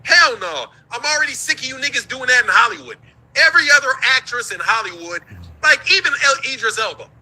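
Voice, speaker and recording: High, sharp-voiced man ranting. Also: lively intonation, brisk, low-quality recording. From United States. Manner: profane, heated, laughing between points. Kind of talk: ranting commentary.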